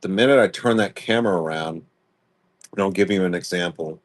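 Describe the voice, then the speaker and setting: A man's voice: sits low, a little fast. A young adult man hosting a live-stream sale, talking bluntly and casually and laughing often. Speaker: live-stream jewelry seller.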